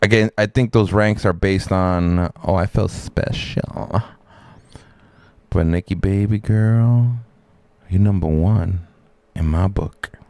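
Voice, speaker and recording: Profane low-voiced male streamer. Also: slow pace, warm tone, no room sound. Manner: rambling, profane, jokey. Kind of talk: casual live-stream reaction chat.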